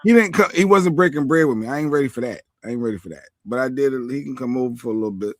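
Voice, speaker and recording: A man's voice: mid-range voice, racing, no room sound, clean studio sound. A man co-hosting a podcast, talking in a laid-back, easygoing way in casual chat. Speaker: podcast co-host.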